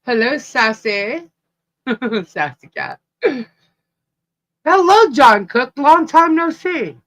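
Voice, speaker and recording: A woman co-hosting a live stream, slowly greeting viewers one by one by name and laughing often. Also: high-pitched, expressive, a bit bright, rough recording. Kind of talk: casual live-stream chat.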